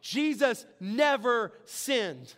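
High-voiced man preaching a sermon. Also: big pitch swings, drawn-out words, a bit bright. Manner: earnest, conversational preaching with storytelling. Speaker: pastor.

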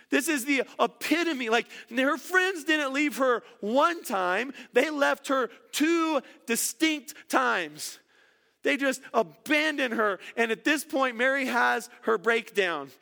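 A man's voice: very high-pitched, lively intonation, slow, vocal fry, bright, forceful tone. A middle-aged man preaching a sermon, earnest and repeating words for emphasis. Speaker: pastor.

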